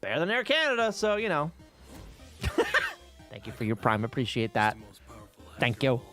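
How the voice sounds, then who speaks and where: A man's voice: mid-range voice, sing-song, moderate pace, fairly bright tone, soft background music. A man livestreaming, casually telling rambling travel stories to his viewers with plenty of swearing. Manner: profane, rambling travel storytelling. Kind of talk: casual chat with stream viewers.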